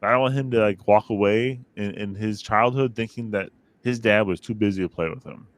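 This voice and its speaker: A man in his thirties chats casually from his basement home office, rambling through family stories and jumping up in pitch when he acts out what people said. His voice sits fairly low and sounds close and dry on the mic, with no room around it. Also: fairly quick, dry recording. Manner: rambling, animated storytelling with acted-out quotes. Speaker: podcast co-host. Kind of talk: casual chat. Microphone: studio microphone.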